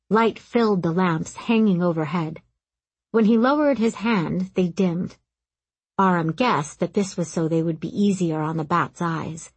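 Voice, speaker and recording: Low, husky woman narrating a story. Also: dry recording. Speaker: audiobook narrator. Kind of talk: scripted narration.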